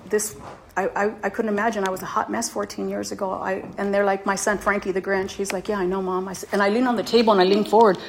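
A middle-aged woman giving a personal testimony as a speaker at a recovery meeting. She tells her story in a lively way and acts out her own reactions when she quotes herself. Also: medium pitch, slight background noise.

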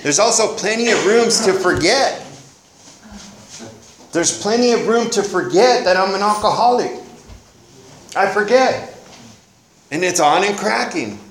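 Casual man, somewhat high voice, sharing his recovery story in an echoey meeting room. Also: animated, measured pace, long pauses, fairly bright tone. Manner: casual and slangy, peppered with "man" and "you know". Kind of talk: personal recovery testimony.

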